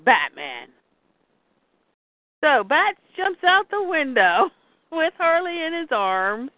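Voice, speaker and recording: A woman's voice: very high voice, big pitch swings, takes it slowly, dry recording. A woman hosting a podcast, casually retelling a comic story and acting out the characters' lines. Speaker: podcast host. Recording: dry, tinny phone-like line.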